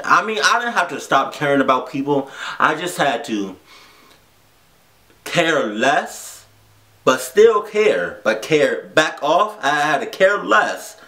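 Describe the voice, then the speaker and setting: A man speaks slowly and earnestly in a reaction vlog, his voice in an ordinary middle range. He keeps circling back and repeating himself as the feeling builds, and lets curse words slip when he gets emotional. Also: mid-range voice, fairly bright tone. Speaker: vlogger. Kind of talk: heartfelt reaction vlog talk.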